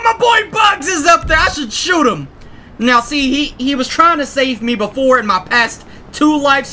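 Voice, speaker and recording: Give me a young man narrating his gameplay in a high, bright, lively voice. He talks with excitable energy and often breaks into shouts and laughs. A faint hiss sits under the voice. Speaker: gaming YouTuber. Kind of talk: gameplay commentary.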